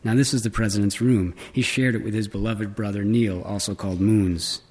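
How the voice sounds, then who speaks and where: A man's voice: on the low side, fairly even intonation, fairly quick, darkish tone, close to an everyday voice. A man reading aloud and voicing a gushing, piercing-voiced older woman tour guide who can turn stern. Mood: chatty. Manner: piercing, gushing, growls when crossed.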